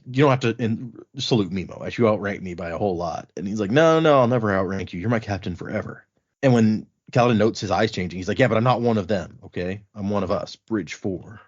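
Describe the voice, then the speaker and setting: A man hosting a casual podcast, retelling a book's chapters in an animated way and quoting the characters in a loose, conversational voice. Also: fairly low pitch, slightly rough. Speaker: podcast host recapping a book. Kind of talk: casual chat. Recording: dull lo-fi podcast audio.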